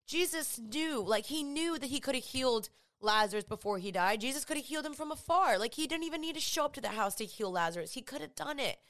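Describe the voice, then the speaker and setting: A woman's voice: high voice, lively intonation, fast, hardly any pauses, a bit bright. A woman hosting a podcast, talking earnestly and conversationally about faith, often repeating phrases for emphasis. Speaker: podcast host. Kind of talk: casual faith talk.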